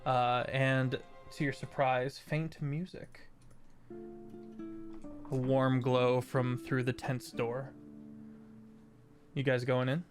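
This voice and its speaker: Slow, halting game master man. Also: mid-range voice, little pitch movement, soft background music. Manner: unhurried, hesitant with many fillers. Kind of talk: narrating a tabletop game.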